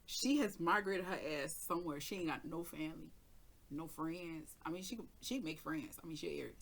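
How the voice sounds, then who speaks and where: A woman hosting her own tarot channel slips into a casual, unfiltered story. Her voice is bright and sharp, and she talks with animated emphasis, swearing freely as she replays the argument line by line. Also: deep voice, moderate pace, creaky. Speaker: tarot reader and channel host.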